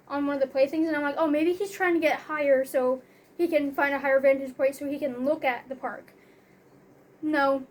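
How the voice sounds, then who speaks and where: A young woman telling a story in a casual, rambling way, filling her talk with "like" and "you know". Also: sits high.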